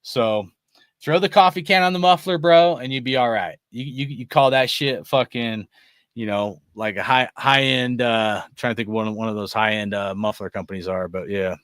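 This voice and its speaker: Young male host, loose profane rambler; bright, dry close sound. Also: medium pitch, moderate pace, clean tone, dry recording. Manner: profane, rambling, laughs often, says bro and dude. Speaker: sports fan show host. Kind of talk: casual rant to viewers.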